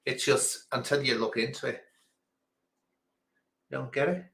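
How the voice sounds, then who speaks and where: A man's voice: medium pitch, steady tone, a little slow, vocal fry, fairly bright tone. A man hosting a quiz on a livestream in casual chat, theatrical and grand in a self-mocking way, calling his listeners darling. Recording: echoey room.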